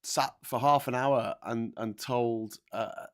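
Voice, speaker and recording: A man's voice: mid-range voice, steady tone, slow pace. Man with exasperated, sarcastic asides. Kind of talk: casual political chat.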